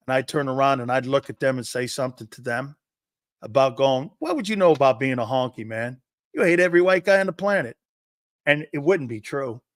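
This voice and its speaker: A middle-aged man hosting a sports talk show, a brash, loud storyteller who acts out the quotes. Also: mid-range voice, dry recording, clean studio sound.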